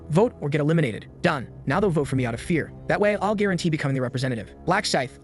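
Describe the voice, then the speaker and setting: Rapid-fire male manga recap narrator. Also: fairly high pitch. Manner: voices every character himself in quick dialogue. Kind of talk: fast scripted recap narration. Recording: background music under voice.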